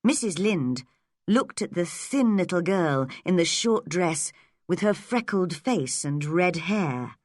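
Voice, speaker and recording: A woman narrating an audiobook with gentle, measured storytelling. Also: lowish voice, sing-song, no room sound, clean studio sound.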